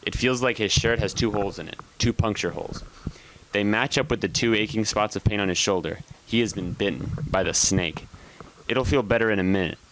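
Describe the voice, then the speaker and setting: A man with a low voice reads a story aloud on a morning show. He keeps a relaxed, easygoing pace and now and then stumbles and corrects himself. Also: brisk, a little hiss or hum, poor audio. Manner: relaxed, with occasional slips and self-corrections.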